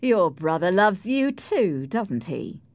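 A woman voicing Heathcliff, a passionate, cruel young man, in a forceful, emphatic way. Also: mid-range voice, very animated, normal speed, no room sound, natural voice. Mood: intense.

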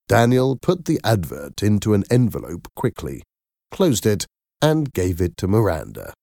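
A man narrating a storybook slowly and clearly, with an expressive delivery. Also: fairly low pitch, no echo, studio quality. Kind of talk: storybook reading.

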